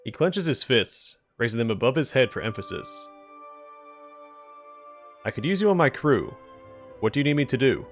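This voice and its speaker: A man hosting a let's play, reading the game's narration and dialogue aloud in a plain, relaxed way. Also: mid-range voice, normal speed, long pauses, soft background music. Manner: plain, relaxed reading, declines doing accents.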